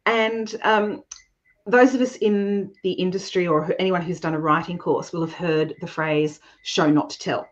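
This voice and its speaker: Low-voiced woman host, muffled sound. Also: steady tone, normal speed. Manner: enthusiastic, complimentary questioning. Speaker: podcast host. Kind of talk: interview hosting. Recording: dull lo-fi sound.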